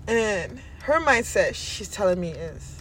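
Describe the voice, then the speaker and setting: A man giving a casual motivational monologue, animated and self-assured, talking in quick bursts about mindset. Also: high voice, slight background noise. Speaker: self-help speaker.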